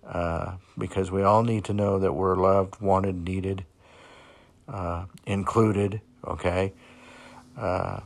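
A man hosting a motivational podcast, talking slowly and plainly with many fillers. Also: low-pitched. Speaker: podcast host.

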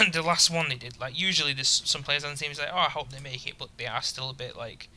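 A man telling a story in casual podcast chat, quick and loose. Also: fairly high pitch, sharp tone. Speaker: podcast co-host.

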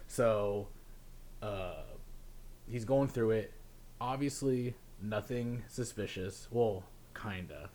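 Laughing young man telling a story. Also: slow. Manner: animated, laughing storyteller who mimics officials in a lower, quieter voice. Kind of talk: casual storytelling chat.

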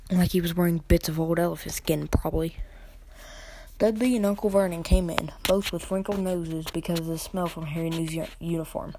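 A woman reads a children's novel aloud for her podcast at an unhurried pace. She often stumbles over a word and corrects herself. Her voice is low and mellow, and the recording is dry and close. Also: dry recording. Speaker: podcast reader. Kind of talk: audiobook reading.

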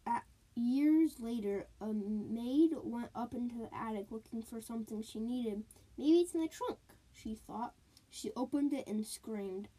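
Slow woman storyteller, pitched a bit high, sing-song ghost tales. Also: warm tone, slightly rough, poor audio. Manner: sound words and sing-song repetition. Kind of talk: spooky storytelling.

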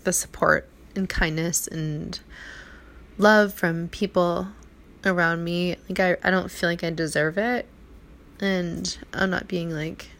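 A woman in her thirties, speaking a little low for a woman, pours out a personal monologue in a rambling, heartfelt way. She keeps stopping, restarting and saying "like". It sounds like a private vlog recorded at home. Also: sharp tone. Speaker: vlogger. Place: apartment at night.

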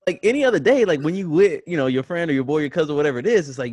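A young man, a podcast co-host, joking and teasing in casual chat and quick to laugh. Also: a little high, animated, a little mellow, no echo.

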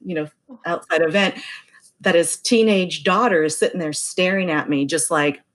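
A middle-aged woman who works as a massage therapist tells a story in casual chat, her voice lowish and her pace moderate. She is chatty and acts out the voices of the people she quotes.

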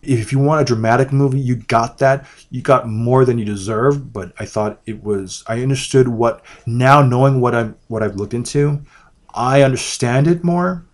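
A man co-hosting a casual movie review podcast, talking in rambling, halting bursts with frequent restarts. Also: mid-range voice. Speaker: podcast co-host.

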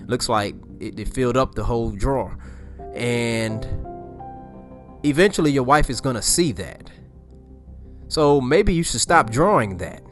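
A man's voice: mid-range voice, animated, a little slow, pauses often, a bit bright, soft background music. A man casually retelling a movie scene, rambling and repeating himself with slangy asides. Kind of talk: casual storytelling.

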